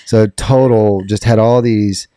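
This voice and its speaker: Low, mellow man. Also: steady tone, slow pace, smooth, no room sound, clean studio sound. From South Carolina. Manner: joking storyteller, self-deprecating. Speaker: podcast co-host. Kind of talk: casual chat.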